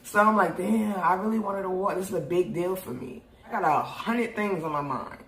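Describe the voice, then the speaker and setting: Animated, cussing young New woman. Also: medium pitch, normal speed, slight background noise. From New York. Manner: animated, profane, laughs often. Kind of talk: casual storytelling. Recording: roomy echo.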